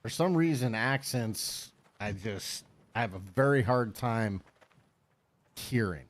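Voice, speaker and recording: A man's voice: mid-range voice, takes it slowly. A middle-aged man hosting a game stream, chatting casually with blunt, profane rambling. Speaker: streamer host.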